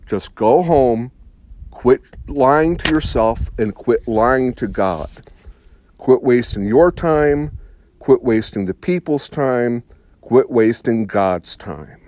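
A priest speaking slowly and emphatically, making a combative argument to listeners with rhetorical questions. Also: male voice, medium pitch, animated, darkish tone, no room sound. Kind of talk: spoken commentary to listeners.

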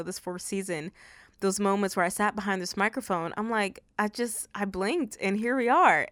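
A woman's voice: medium pitch, fairly bright tone, clean tone, dry recording, studio quality. Emotional woman hosting a faith podcast. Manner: emotional, chatty, many fillers. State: teary. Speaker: podcast host. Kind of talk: faith-based podcast talk. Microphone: studio microphone.

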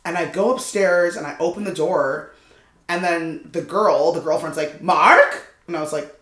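A man's voice: fairly high pitch, steady tone, normal speed. A man, a guest comedian, telling a story in casual podcast chat and acting out the other people's voices. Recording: roomy echo.

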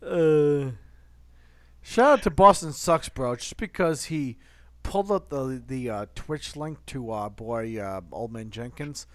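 A man's voice: medium pitch, slow, a bit bright, dry recording. A man co-hosting a podcast in casual chat, earnest and repetitive, often restarting his sentences. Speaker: podcast co-host.

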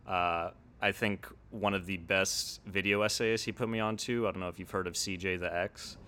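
Deep-voiced, bright-toned male podcast guest. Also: fairly even intonation, normal speed, slight background noise. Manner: enthusiastic and reflective, lots of agreeing backchannel. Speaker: podcast guest, video essayist. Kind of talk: casual podcast conversation.

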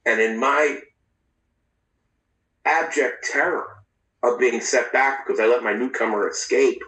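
Man, mid pitch, halting and profane storyteller, heard from a distance in an echoey room. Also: sharp tone. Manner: candid, halting, profane, with frequent restarts. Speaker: interview guest. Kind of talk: personal storytelling in a podcast interview. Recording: roomy, distant mic.

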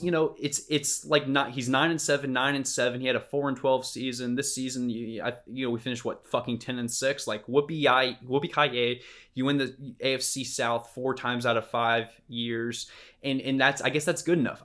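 A man's voice: mid-range voice, steady tone, moderate pace, fairly bright tone. A young man from Houston co-hosting a sports podcast, ranting in exasperated, profane bursts. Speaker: podcast co-host. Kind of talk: casual sports chat.

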